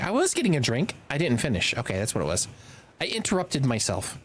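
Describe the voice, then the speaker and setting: A live streamer rambles to themselves while commentating casually on a game, breaking into sudden exasperated outbursts. The voice is medium-pitched with huge swings in pitch, a little fast and breathy, and the throat sounds slightly tickled.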